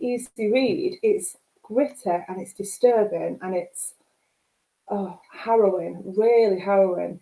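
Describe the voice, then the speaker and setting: Mancunian woman, book club host; emotional, rambling, mellow tone, echoey room. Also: medium pitch, unhurried, creaky. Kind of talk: casual video chat. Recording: roomy echo.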